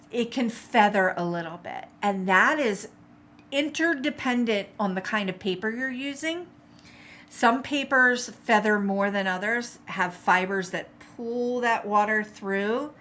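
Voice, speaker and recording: A woman's voice: mid-range voice, fairly bright tone, a little hiss or hum. A middle-aged woman teaching a live watercolor paint-along, chatty and encouraging, reading out viewer comments as she paints. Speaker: art instructor.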